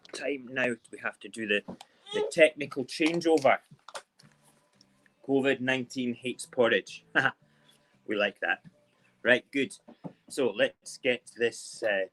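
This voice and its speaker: A man's voice: mid-range voice, pushed and bright, a little hiss or hum. A man hosting a casual morning live stream, chatting loosely to viewers and rambling through stories while making breakfast.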